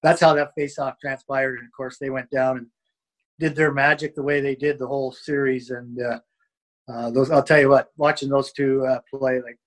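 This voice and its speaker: A man in a casual interview, telling old hockey stories. He rambles and restarts often, filling gaps with "uh" and "you know". His voice sits at an ordinary middle pitch. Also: little pitch movement, normal speed, rough recording. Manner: rambling, many fillers and restarts. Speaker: former hockey player.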